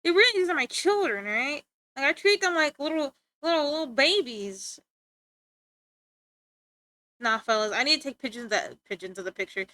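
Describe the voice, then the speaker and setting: A woman's voice: high-pitched, expressive, normal speed, pauses often, pushed and bright, no echo. A young woman streamer chatting playfully with her viewers, teasing and giggling as she talks. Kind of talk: casual chat with stream viewers.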